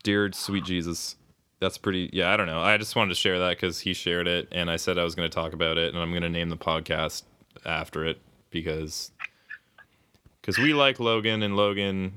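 Man, low voice, smooth and crisp, casual podcast chat, rambling, swears, laughs a lot. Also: sharp tone. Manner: rambling, swears often, laughs mid-sentence. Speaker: podcast co-host.

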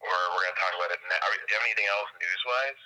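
A man with a low voice co-hosts a podcast in relaxed, easygoing chat, answering in short dry remarks. His tone is very bright and sharp. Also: very fast, low-quality recording. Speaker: podcast co-host. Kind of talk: casual chat.

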